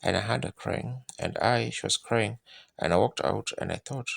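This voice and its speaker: Gravelly, husky preacher telling a story. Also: male voice, medium pitch, normal speed, fairly bright tone, no echo. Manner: folksy, colloquial grammar, acts out moments. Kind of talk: sermon storytelling.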